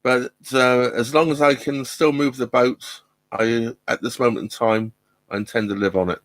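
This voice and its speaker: Medium-pitched and steady, a middle-aged man's voice comes through a laptop mic without echo as he hosts a relaxed live stream from his narrowboat. He talks at normal speed but hesitantly, full of ums and false starts.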